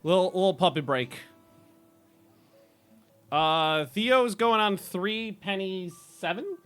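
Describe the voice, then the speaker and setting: A man's voice: high-pitched, slow, a bit bright, clear, resonant tone, faint music behind. A man hosting a gaming video, giving casual let's-play commentary and repeating short phrases to himself as he plays.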